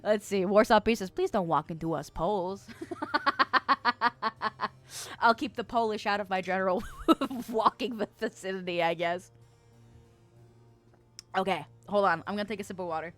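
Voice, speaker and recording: A woman's voice: medium pitch, normal speed, pauses often, faint music behind. A woman streamer in casual chat, reading chat messages aloud with lots of laughter and self-mocking jokes.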